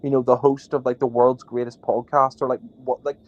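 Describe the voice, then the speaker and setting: A man's voice: medium pitch, little pitch movement, brisk, highs cut off. A man co-hosting a podcast, indignant and rambling, with many fillers. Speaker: podcast co-host. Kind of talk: heated podcast rant.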